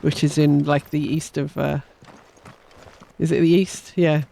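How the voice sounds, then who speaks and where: A woman's voice: deep voice, flat delivery, unhurried, vocal fry, warm tone. An older woman hosting a casual let's play, chatting and rambling with self-mocking asides. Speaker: gaming channel host.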